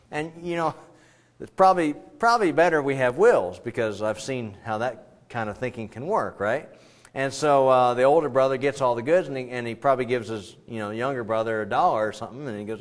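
A man's voice: medium pitch, lively intonation, brisk. A male pastor preaching a sermon in a conversational way, full of rambling asides, little jokes and restarts.

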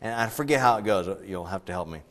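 A man's voice: on the low side, lively intonation, fast. A middle-aged man preaching a sermon as pastor, conversational and digressive, with frequent fillers. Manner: conversational, digressive, breaks into loud acted quotes.

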